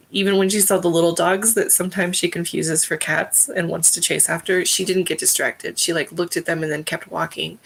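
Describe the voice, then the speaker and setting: A woman's voice: lowish voice, gravelly, fairly bright tone, breathy edge. A woman in her thirties hosting a live stream, chatting casually in a rambling, heartfelt way with many fillers. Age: 30s. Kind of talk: casual chat.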